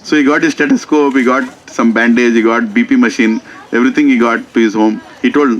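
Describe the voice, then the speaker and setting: A man with an Indian English accent telling a story in a conversational sermon at a temple, animated and full of "you know" fillers. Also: medium pitch, quick pace, dull audio. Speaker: preacher.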